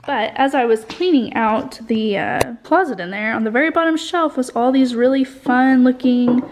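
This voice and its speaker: A woman's voice: high voice, normal speed, background noise. Chatty young woman teacher vlogging. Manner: chatty, rambling with many fillers. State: out of breath at times. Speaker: high school art teacher. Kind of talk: casual vlog talk to camera. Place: empty school classroom indoors.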